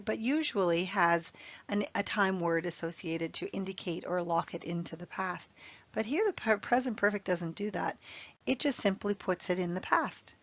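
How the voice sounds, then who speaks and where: Woman ESL teacher, lowish voice, dry dull voice-over mic. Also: no echo. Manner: clear, deliberate teaching delivery with spoken example sentences. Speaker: English teacher. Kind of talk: grammar lesson over slides.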